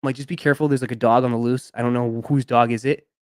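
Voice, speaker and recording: A man's voice: mid-range voice, fairly even intonation, rapid-fire, a little mellow, no room sound, clean studio sound. A young man hosting a live stream, chatting casually and telling a long rambling story with lots of fillers. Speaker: sneaker live stream host.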